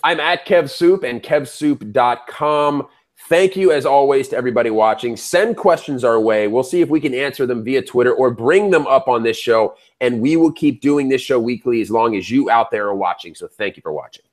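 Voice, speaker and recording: A man's voice: mid-range voice, moderate pace. Jokey young man co-hosting a recap. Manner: animated, jokey, asks questions. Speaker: co-host, superfan. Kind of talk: casual recap chat.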